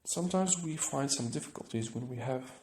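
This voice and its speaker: A man's voice: medium pitch, fairly quick, darkish tone, roomy sound, a little hiss or hum. A man teaching an English grammar lesson, explaining step by step and often checking with "right?".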